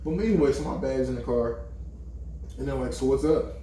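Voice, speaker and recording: A man's voice: mid-range voice, a little fast, a little hiss or hum. Man telling a story in an echoey room. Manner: animated, profane storytelling with lots of quoted dialogue. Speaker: podcast co-host. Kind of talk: casual storytelling among friends. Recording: echoey room, mic at a distance.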